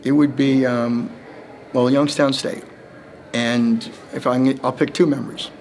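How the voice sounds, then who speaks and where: A man's voice: medium pitch, flat delivery, measured pace, a little mellow, a little hiss or hum. A man in his fifties from New Jersey, a Hall of Fame inductee, answering press questions with long, rambling stories and quoted dialogue. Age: 50s. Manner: rambling storyteller who acts out quoted voices and laughs between lines. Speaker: Hall of Fame inductee, former running back.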